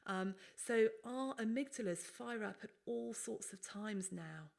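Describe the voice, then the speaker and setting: A woman's voice: mid-range voice, measured pace, gravelly, darkish tone. A woman, a doctor, giving a conversational, explanatory webinar presentation.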